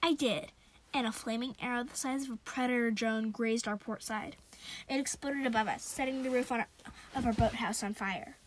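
High-voiced woman reading a story aloud. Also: fairly even intonation, normal speed. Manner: chatty asides between passages. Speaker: reader.

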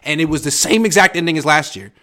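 A man co-hosting a podcast in casual sports chat, emphatic and animated, often restarting his sentences. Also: on the high side, fast talker. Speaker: podcast co-host.

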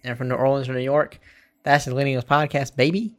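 A man's voice: medium pitch, flat delivery, fast talker, a bit bright. A man co-hosting a podcast in casual chat, laid-back and teasing. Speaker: podcast co-host.

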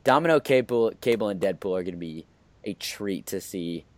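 A man's voice: on the low side, lively intonation, normal speed, no room sound. A man hosting a casual movie review, leading the talk with eager opinions and lots of "you know"s. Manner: enthusiastic, leads the discussion, many "you know"s. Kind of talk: casual chat.

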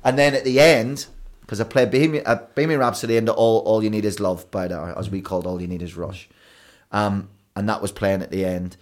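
A man, a broadcaster and DJ guest telling rambling, animated stories in a casual podcast chat. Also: on the low side, brisk. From Belfast, Northern Ireland. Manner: rambling, animated storytelling with restarts.

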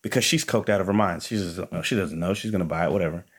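A young man telling a story to an audience in a conversational, animated way, talking straight to his listeners. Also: low voice, fast talker, husky.

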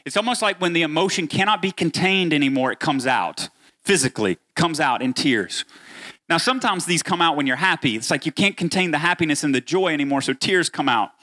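Man preaching, bright tense voice, slightly high pitch, talks straight to the congregation. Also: a little fast. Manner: animated preaching, addresses congregation directly. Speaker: pastor. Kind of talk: sermon.

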